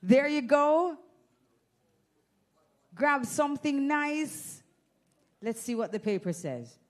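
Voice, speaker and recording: A Jamaican woman whose voice sits high speaks at a slow pace, hosting a live event on a handheld microphone. Her style is teasing and playful yet energetic as she runs prize games and ribs the crowd.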